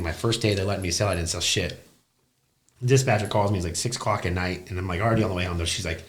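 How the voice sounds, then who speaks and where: Young man, rapid blunt storyteller with a low voice; salty, animated podcast guest. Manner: blunt and profane, animated retelling. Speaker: business owner guest. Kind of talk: casual storytelling interview.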